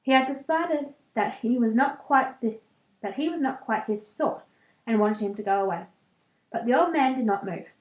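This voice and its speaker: A woman's voice: fairly high pitch, animated, normal speed. A young woman casually reading a book aloud, wandering off into chatty, giggly asides full of ums. Her voice sounds thin and phone-like, with plenty of echo from the room around her. The reading itself stumbles here and there.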